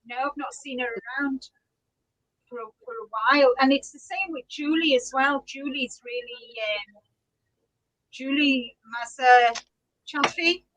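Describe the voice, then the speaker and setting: A high-voiced woman hosts a relaxed live chat, unhurried in pace. She laughs often and greets viewers one by one. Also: rough recording. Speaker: podcast host reading live chat. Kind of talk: casual live-stream chat.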